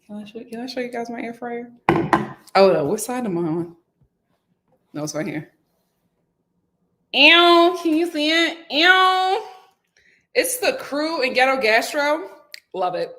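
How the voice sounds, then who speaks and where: A woman's voice: on the high side, lively intonation, normal speed, pauses often. A woman hosting a casual live stream from home, chatting and reading viewer comments aloud.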